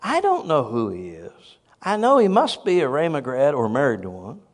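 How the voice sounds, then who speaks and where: Animated storytelling pastor, lively pitch. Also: male voice, normal speed, in a large hall. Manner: animated, self-deprecating humor. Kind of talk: storytelling sermon.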